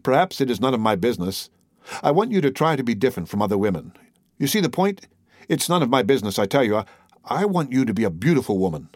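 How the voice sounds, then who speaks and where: A man's voice: mid-range voice, sing-song, darkish tone, no room sound, clean studio sound. A man reading as a blustering, awkward teenage boy. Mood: earnest, halting. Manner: earnest, halting, blustering. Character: anxious boastful teenage boy.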